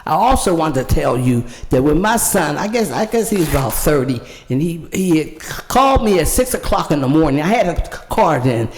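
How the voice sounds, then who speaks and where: A woman's voice: deep voice, sing-song, a little fast, few pauses, darkish tone, in a large hall, slight background noise. An older woman giving an emotional public comment at a city council meeting, telling a personal story. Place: council chamber.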